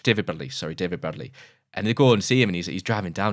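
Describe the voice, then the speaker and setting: British male film-review co-host, deep voice, rattles along eagerly, keeps correcting himself, dry close sound. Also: racing, no echo. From Britain. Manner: rambling and enthusiastic, often correcting himself. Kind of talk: casual film review chat.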